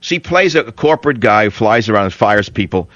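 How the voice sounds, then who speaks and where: A man's voice: lowish voice, lively intonation, a little fast, a bit bright, no room sound. An older man hosting a talk radio show, emphatic and combative, repeating his lines for effect. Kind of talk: talk radio monologue and call-in. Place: radio studio. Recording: dry, slightly dull studio sound.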